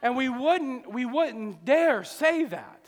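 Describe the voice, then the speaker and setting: A male pastor preaching a fervent sermon, moving between soft confiding passages and loud shouted appeals. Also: very high-pitched, sing-song, takes it slowly, long reverb tail. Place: church sanctuary with long reverb.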